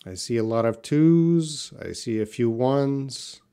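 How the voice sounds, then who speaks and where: A man's voice: medium pitch, expressive, takes it slowly, mellow, smooth. A man teaching a live online English pronunciation lesson, stretching out example words and chatting casually with viewers.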